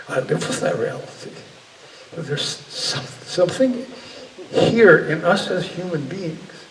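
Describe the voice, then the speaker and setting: A man's voice: sits high, a little mellow. Earnest man speaking in an echoey hall. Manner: earnest, searching, with many restarts and repeated phrases. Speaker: speaker giving a talk. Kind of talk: reflective spoken talk to an audience. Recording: echoey hall, voice from far off, faint room noise.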